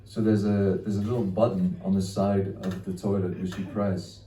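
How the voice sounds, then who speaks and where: A man's voice: deep voice, flat delivery, moderate pace, dark tone, roomy sound, slight background noise. Male stand-up, crude crowd-work storyteller, caught from a distance with faint room ambience. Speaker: stand-up comedian. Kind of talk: stand-up comedy set. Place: small comedy venue.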